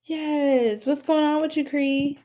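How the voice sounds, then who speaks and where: A woman's voice: high voice, fairly even intonation, slow pace, noisy background. A young woman giving a casual live tarot reading, chatty and giggly, talking to viewers in the chat. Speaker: tarot reader.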